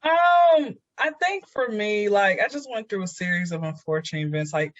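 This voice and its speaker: A woman comedian from Atlanta telling animated, joking stories as a podcast guest. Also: mid-range voice, dry recording, highs cut off. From Atlanta, USA. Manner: animated, quick jokes, lots of restarts. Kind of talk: stand-up style storytelling in casual chat.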